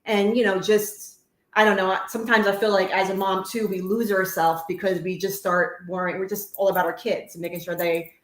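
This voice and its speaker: A middle-aged woman with a New Jersey accent speaks bluntly and swears freely as a podcast co-host. Her voice sits at a middle pitch. The room around her is echoey. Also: little pitch movement, brisk. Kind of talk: casual podcast banter.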